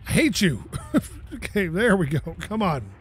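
At home, a male gaming YouTuber chats through his gameplay in an excitable way, cursing, laughing and addressing things in the game. His husky voice sits high, and he takes his time.

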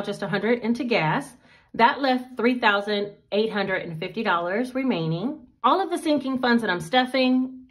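Woman, casual budgeting vlog, chatty, counts bills aloud, mid pitch. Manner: chatty, talks straight to viewers. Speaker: budgeting vlogger.

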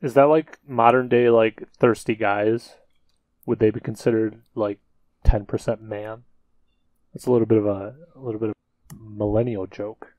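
A man's voice: lowish voice, flat delivery, darkish tone, no echo, muffled recording. Man riffing with joking questions. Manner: joking questions, drawn-out riffs. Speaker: podcast cohost. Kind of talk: casual comedic podcast chat.

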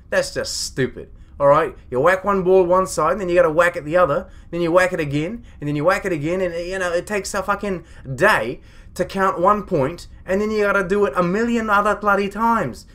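A man's voice: high voice, brisk, a bit bright. A man playing a grumpy, foul-mouthed starship captain, rambling and ranting with indignation in a comedy monologue. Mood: indignant. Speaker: comedy web series creator.

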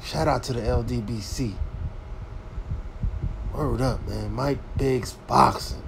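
A man's voice: medium pitch, slow pace, vocal fry, background noise. A man hosting a boxing channel, goading a fighter with repetitive hype calls in casual trash-talking commentary.

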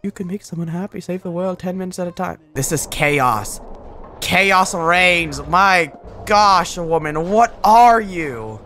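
A gamer giving rambling, excitable let's-play commentary, swinging between loud outbursts and mumbled asides. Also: mid-range voice, unhurried. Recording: voice over game music.

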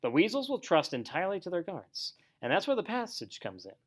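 A man's voice: high voice, wildly swooping pitch, fairly quick, voice pushed up, heavily acted. A man voicing a stern old male badger in a storybook read-aloud, with a dry, severe manner.

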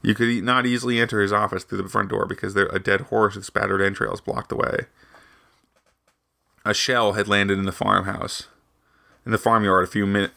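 Man reading aloud, halting and gravelly. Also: fairly low pitch, sharp tone, dry recording, studio quality. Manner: halting, with frequent restarts. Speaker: podcast host and reader.

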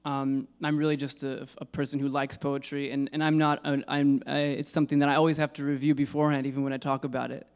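A man's voice: mid-range voice, flat delivery, fast, hardly any pauses, a little mellow, clean tone. A man giving an informal lecture on poetry. He hesitates, corrects himself and uses many fillers.

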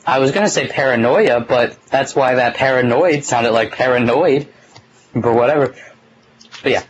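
A man's voice: mid-range voice, normal speed, a little hiss or hum, rough recording. A young man hosting a casual talk show, telling a long story in a rambling way, full of "like" and some swearing, recorded on a phone. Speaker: podcast host.

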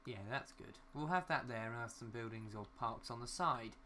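Speaking at a moderate pace, this gaming YouTuber has a medium-pitched male voice with a sharp tone and slight background noise. He's young, offering loose, wandering commentary as he builds in a city game, muttering to himself and cursing lightly at glitches.

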